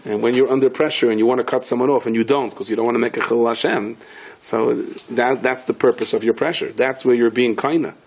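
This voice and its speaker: A man teaching a Torah lesson through wry, self-deprecating anecdotes, his voice slightly husky at a middle pitch. He slips Yiddish and Hebrew words into his talk. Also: fairly even intonation, fast, darkish tone, low-quality recording. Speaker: rabbi.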